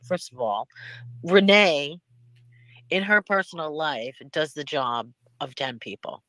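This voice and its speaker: A woman's voice: deep voice, sharp tone, dry recording. A middle-aged woman hosting a live stream in casual chat, rambling from one thing to the next and laughing often.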